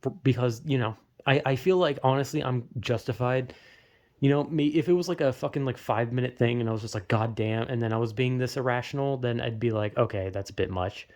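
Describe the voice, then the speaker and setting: A man vlogging a heated, profanity-filled rant about a video game, with sudden loud outbursts and a headache. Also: mid-range voice, fast talker. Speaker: gaming vlogger. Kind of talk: ranting vlog monologue.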